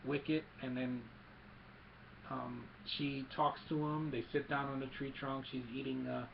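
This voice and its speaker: Gravelly man recapping a movie excitedly. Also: medium pitch, lo-fi sound, a little hiss or hum. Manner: animated retelling with sound effects and quick character quotes. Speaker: movie reviewer.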